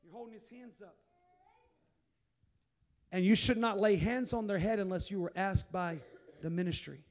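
A high-pitched man delivering a sermon. He drops to quiet, confiding asides, then rises into loud, emphatic calls. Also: fairly even intonation, normal speed. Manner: preaching with sudden shouted bursts and quiet asides. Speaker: pastor.

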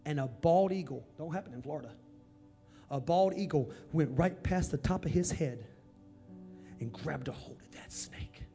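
A man preaches in a church, his voice sitting high. He tells his story quietly at first, then swells into emphatic shouts. Music plays clearly under his sermon. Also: animated, moderate pace. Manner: builds from hushed to shouted, emphatic. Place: church sanctuary.

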